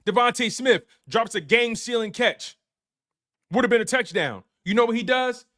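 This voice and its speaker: Extremely high-pitched and a bit bright, this man's voice moves at a moderate pace with lively intonation. He's a sports show host doing a hyped live-stream recap with super chats, addressing his chat directly and hammering phrases through repetition.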